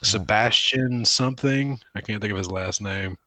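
A man's voice: lowish voice, sharp tone, no echo. A man co-hosting a casual podcast, chatting and joking with friends. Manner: laughing, jokey, does quick impressions. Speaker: podcast co-host.

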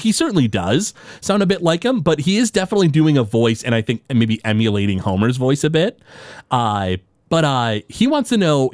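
A man casually recaps an episode on his podcast, stumbling through fillers and restarts as he tells it. His pitch swings widely, full of animation. The sound is dry and close. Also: darkish tone, no room sound.

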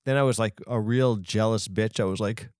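A man's voice: on the low side, normal speed, darkish tone, dry recording, clean studio sound. Rambling, self-mocking man hosting a podcast. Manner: rambling, self-mocking, lots of fillers and restarts. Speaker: podcast host. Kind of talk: rambling comedy podcast monologue.

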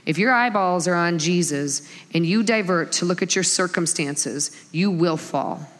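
A middle-aged woman preaching a sermon, telling stories with lively acted-out quotes. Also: lowish voice, unhurried. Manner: animated storytelling with acted-out quotes. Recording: long hall reverb.

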